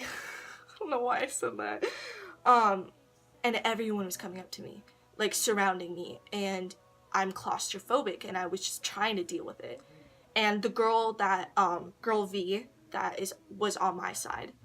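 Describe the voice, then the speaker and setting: A woman's voice: mid-range voice, fairly bright tone. Woman, casual vlog storytelling, rambling, giggly, filler-heavy, bedroom, camera on a tissue box. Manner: rambling, giggly, full of ums and likes. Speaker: vlogger. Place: her own bedroom. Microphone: camera propped on a tissue box.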